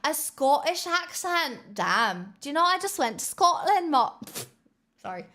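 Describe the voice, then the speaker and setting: A woman's voice: sits high, very animated, unhurried, pushed and bright. Bubbly rambling woman streamer. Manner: bubbly, rambling, self-mocking. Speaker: livestreamer. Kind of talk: casual livestream chat. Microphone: headset.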